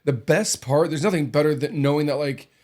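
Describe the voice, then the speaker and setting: Rambling, higher-voiced man host. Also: fairly quick, a little mellow. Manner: rambling, repeats words, restarts sentences. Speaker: podcast host. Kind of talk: casual podcast conversation.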